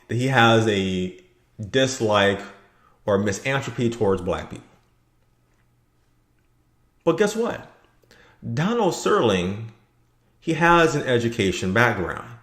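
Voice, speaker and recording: A man giving blunt, rambling opinion commentary for his video channel. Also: fairly low pitch. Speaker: vlogger. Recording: echoey room.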